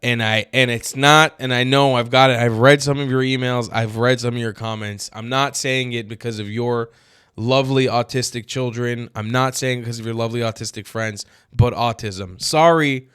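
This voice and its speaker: A man hosting opinionated political commentary, cursing freely and swinging from flat asides to loud, exasperated outbursts. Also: mid-range voice, moderate pace, clean tone, no room sound, clean studio sound.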